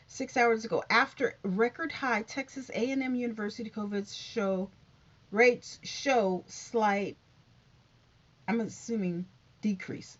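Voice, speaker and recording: Woman, casual vlog host, reads headlines with chatty asides, higher voice, lo-fi dull sound. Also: unhurried. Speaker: YouTube covid news host. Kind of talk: casual news read-through to viewers.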